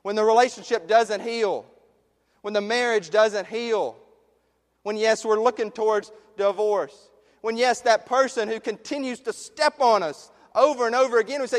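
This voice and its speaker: A man preaching a sermon as pastor, passionate, rising to loud emphasis and dropping to hushed questions. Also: sits high, unhurried. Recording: long reverb of a large hall.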